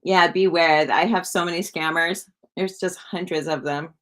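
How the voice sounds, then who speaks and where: A woman's voice: lowish voice, fairly even intonation, moderate pace. A woman hosting a psychic live stream, rambling casually with lots of "like" and asking her viewers questions.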